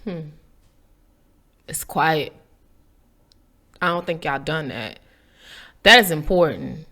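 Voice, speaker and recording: Animated woman preaching casually to viewers. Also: low-pitched, takes it slowly. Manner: animated, preachy, playful, addresses viewers as y'all. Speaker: faith vlogger. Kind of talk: casual inspirational talk to camera.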